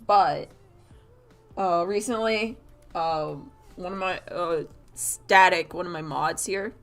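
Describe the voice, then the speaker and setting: A woman's voice: on the low side, slow, soft background music. Rambling woman streamer chatting while drawing. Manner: rambling and animated, laughs often, many "like" fillers. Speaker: artist streamer. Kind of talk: casual chat while drawing on a live stream.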